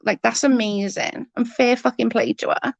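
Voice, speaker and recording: A woman with a cold, hoarse and husky, chatting casually on a livestream and answering viewers' comments. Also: on the high side, fairly even intonation, normal speed, dry recording, lo-fi sound. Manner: blunt, swears freely, vents about double standards. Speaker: livestream host. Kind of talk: casual live chat reading comments.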